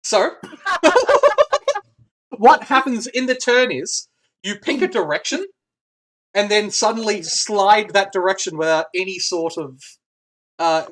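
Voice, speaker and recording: A game master runs a tabletop game in a mid-pitched voice. The speech rambles, with restarts and laughter. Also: animated, unhurried, a bit bright.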